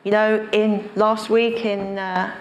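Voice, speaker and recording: A woman pastor delivering a sermon at an unhurried pace. She stresses her points by repeating key phrases. Her voice rings in a roomy, echoing space. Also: medium pitch, little pitch movement, muffled recording, slight background noise.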